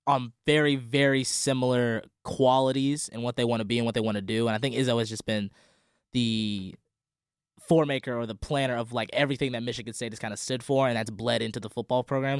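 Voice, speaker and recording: A man's voice: mid-range voice, no echo, clean studio sound. A man talking casually and earnestly about a college basketball coach on a sports podcast. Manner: earnest, reflective storytelling.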